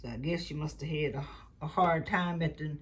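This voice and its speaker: Low-voiced woman chatting while sewing. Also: normal speed. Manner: chatty, rambling family stories, soft muttered asides. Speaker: quilting channel host. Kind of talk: casual chat during a sewing tutorial.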